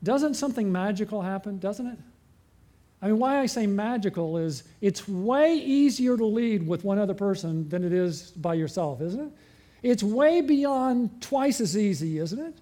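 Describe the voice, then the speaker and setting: A man preaching a sermon as pastor, asking the congregation frequent rhetorical questions and slowing and dropping his voice for emphasis. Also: high-pitched, expressive. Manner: varies pace and loudness, slowing and dropping for emphasis.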